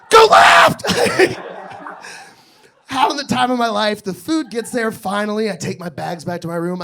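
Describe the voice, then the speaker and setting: A young adult man telling crude, animated stories during a stand-up comedy set on a club stage. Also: sits high.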